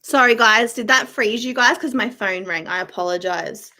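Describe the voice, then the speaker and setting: A woman's voice: on the high side, moderate pace, bright, forceful tone. A woman live-streaming a blunt, profane rant as she answers viewer comments. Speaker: YouTuber live-streaming to chat. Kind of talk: casual ranting live-stream chat.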